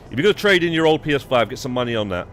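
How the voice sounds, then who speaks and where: He's racing along, his medium-pitched, fairly bright voice swinging widely in pitch. A young British live streamer, he rambles through casual gaming chat with restarts and swearing, against slight background noise.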